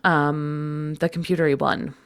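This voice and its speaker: A woman's voice: deep voice, little pitch movement, a little slow, smooth. Congested woman podcast co-host. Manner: enthusiastic, reacts with gasps and exclamations. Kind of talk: casual chat.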